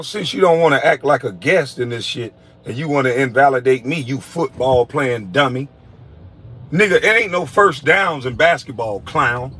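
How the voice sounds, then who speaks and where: Raspy high-voiced man ranting profanely. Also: fairly bright tone. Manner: insulting, mocking, profane. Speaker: former basketball player. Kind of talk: profane rant in a played clip.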